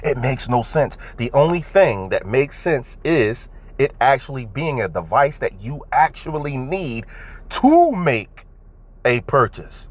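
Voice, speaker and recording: A man giving casual religious commentary, swearing freely and asking his viewers emphatic questions, recorded indoors. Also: mid-range voice. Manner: profane, emphatic, talks to viewers directly. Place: indoors at home.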